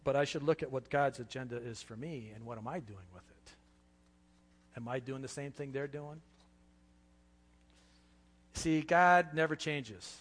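A man preaching a sermon with passion, dropping to a hush and then rising loud, in a church. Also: medium pitch, a little slow, pauses often, in a large hall. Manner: impassioned, swings from hushed to loud. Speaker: pastor.

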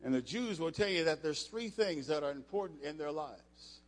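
An older man preaching a sermon, emphatic and rising to loud passages, with frequent restarts. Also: a little high, animated, normal speed. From United States. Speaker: preacher, former football player. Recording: echoey hall.

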